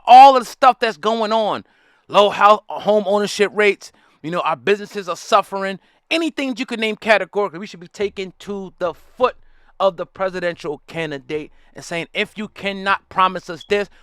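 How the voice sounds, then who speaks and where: Fired-up man ranting, high lively voice. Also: no echo, studio quality. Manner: fiery, repetitive, preachy, addresses the audience directly. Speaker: commentary host. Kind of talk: heated ranting commentary.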